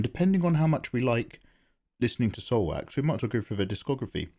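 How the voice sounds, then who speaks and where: A man's voice: mid-range voice, big pitch swings, fast talker, warm tone. A man chatting casually on a live stream while he draws, thinking aloud and greeting viewers by name. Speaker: livestreaming artist.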